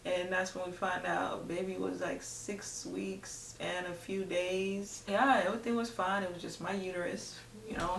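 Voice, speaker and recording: A woman's voice: medium pitch, a bit bright, far from the mic, slight background noise. A young adult woman chatting casually to camera as a vlogger, rambling with lots of "like". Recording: echoey room, voice a bit off-mic.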